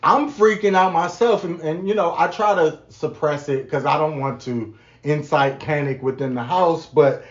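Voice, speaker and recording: A man co-hosting a podcast, speaking in a calm, reflective way about his faith in casual chat. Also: on the high side, moderate pace. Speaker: podcast co-host. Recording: echoey lo-fi room sound.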